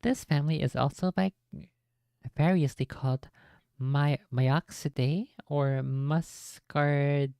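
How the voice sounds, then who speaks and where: Low-voiced woman streamer reading aloud. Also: steady tone, slow, dark tone, clean tone, no room sound, studio quality. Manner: playful, self-mocking asides.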